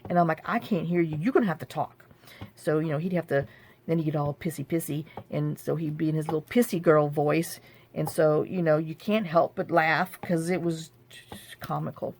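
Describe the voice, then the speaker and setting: A woman's voice: low voice, fairly even intonation, moderate pace, a little mellow. A woman chatting casually at her craft table, venting in frustration and restarting often. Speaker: journaling crafter. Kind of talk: casual rambling chat.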